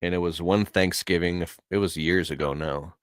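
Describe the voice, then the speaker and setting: A man's voice: low-pitched, fairly even intonation, normal speed, dry recording. A man telling a personal story in a casual, heartfelt way, earnest and emotional, with casual slang.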